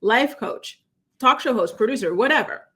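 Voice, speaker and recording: A young woman speaks to camera from an indoor room, casual and emphatic, leaning on rhetorical questions. Her voice sits somewhat high. She sounds like a commentary host talking to her viewers. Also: expressive, moderate pace, sharp tone.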